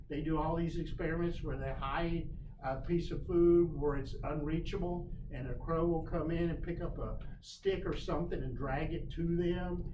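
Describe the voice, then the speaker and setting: Man, folksy bird class talk, animated, echoey room, background noise. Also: a little high, highs cut off. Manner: folksy and animated, playful voices for birds. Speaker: class speaker on backyard birds. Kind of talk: casual lecture. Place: shop classroom. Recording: roomy, distant mic, noisy.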